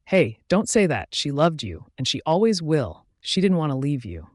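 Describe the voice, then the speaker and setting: A man's voice: fairly high pitch, big pitch swings, moderate pace, a little mellow, dry recording, studio quality. A man voicing an earnest young woman, a new bride who talks in a pleading, soothing way in an audiobook.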